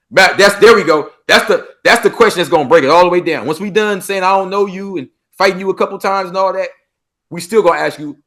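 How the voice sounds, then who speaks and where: Fast-talking animated Los Angeles man. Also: high-pitched. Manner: animated, acts out street dialogue, swears freely. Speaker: podcast guest. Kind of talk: casual interview talk.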